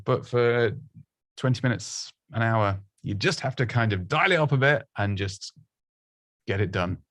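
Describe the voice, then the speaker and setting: A man's voice: medium pitch, a bit bright, no echo. A man giving casual, chatty presenting advice, self-deprecating and full of restarts and little laughs. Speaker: presenting coach.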